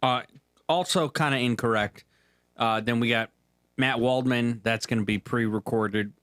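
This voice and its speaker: In clear, studio-quality sound with no echo, a male co-host's medium-pitched, fairly bright and resonant voice keeps a steady tone and moderate pace. He banters easygoingly, hesitating with fillers as he mentions upcoming shows.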